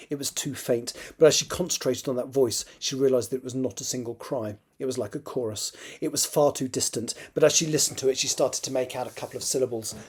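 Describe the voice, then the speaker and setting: A man, the author, reading his own novel draft aloud in a steady storytelling manner and now and then correcting a slip. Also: mid-range voice, slightly rough. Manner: steady storytelling read with occasional self-corrections.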